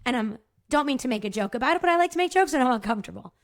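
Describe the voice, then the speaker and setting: A woman's voice: sits high, expressive, very fast. A woman hosting a solo podcast, talking frankly and casually, swearing now and then and often checking in with "right?". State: choked up at times. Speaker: podcast host.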